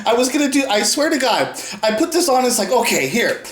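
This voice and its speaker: A man rambling in a profane monologue for his own video. He often tacks "right?" onto his sentences and laughs between thoughts, swinging from loud outbursts to low mutters. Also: big pitch swings, brisk, slight background noise. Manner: rambling, profane, keeps adding "right?" and "and shit". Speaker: video maker. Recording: roomy echo.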